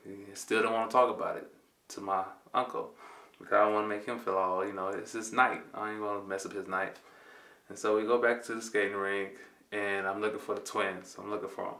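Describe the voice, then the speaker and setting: Slangy laid-back guy in his 20s telling his story, flat forceful voice, echoey room, mic kinda far. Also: on the low side, fairly quick. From Compton, California. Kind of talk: personal storytelling. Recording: roomy, mic at a distance.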